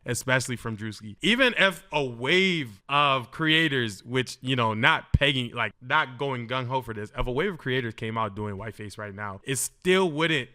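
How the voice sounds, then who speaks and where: A man streaming and reacting to clips, thinking out loud and searching for words as he argues his point. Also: mid-range voice. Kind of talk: casual reaction commentary.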